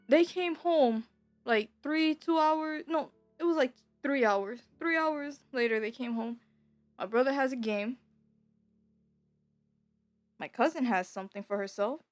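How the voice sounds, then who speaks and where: A young woman with a fairly high voice tells a personal story in casual, rambling talk. She swears freely, repeats herself, and grows louder and more emotional when upset. The room sounds dry, with soft music playing underneath. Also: no room sound. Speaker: streamer.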